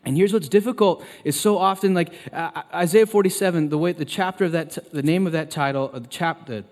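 Pastor preaching in an echoing hall. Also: male voice, brisk. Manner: emphatic, loud and high when quoting God. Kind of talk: sermon. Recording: long reverb of a large hall.

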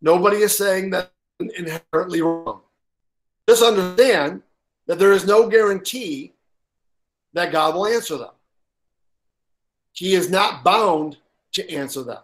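A man preaching a sermon as pastor, stressing points with pauses for effect, repeating key lines and often filling gaps with "uh". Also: sits high. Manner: halting with frequent uh fillers.

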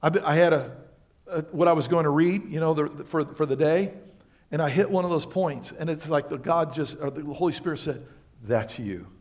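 A male pastor preaching a sermon to his congregation, swinging between loud emphatic lines and quiet, low asides. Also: a little fast. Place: church sanctuary.

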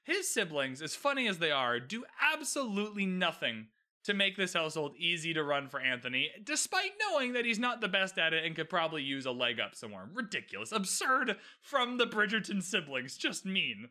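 A man's voice: sits high, big pitch swings, fairly quick, bright, forceful tone. A man giving a casual, opinionated recap of a TV episode, ranting emphatically and swearing freely. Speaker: TV recap host.

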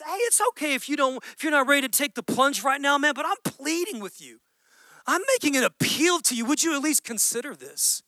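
Man, pastor, very high voice, bright tone, impassioned pleading sermon. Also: sing-song, moderate pace, no echo.

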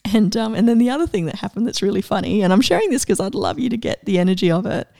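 A middle-aged woman coach giving a casual, enthusiastic inspirational talk, animated and laughing often. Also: medium pitch, fast talker, vocal fry, dry recording, clean studio sound.

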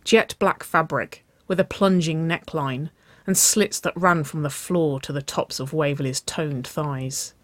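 A reader narrating a romance story in a slow, soft, intimate way. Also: mid-range voice, no echo. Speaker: audiobook reader.

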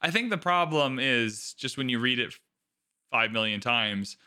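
Bright, clear-voiced young man, sarcastic. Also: medium pitch, measured pace. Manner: animated, sarcastic, mimics characters with jokey voices. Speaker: podcast co-host. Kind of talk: casual book discussion.

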